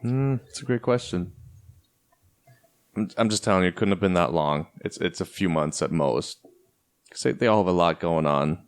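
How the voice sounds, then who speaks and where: Rambling low-voiced man podcast co-host. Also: lively intonation, moderate pace, long pauses. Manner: rambling, filler-heavy, lots of "like". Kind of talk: casual chat.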